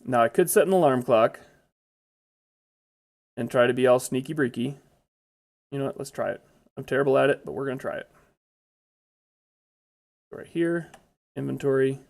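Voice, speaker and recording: A man's voice: mid-range voice, moderate pace, creaky, long pauses, darkish tone. A man giving casual, chatty commentary over his own gameplay, blurting out exclamations when startled.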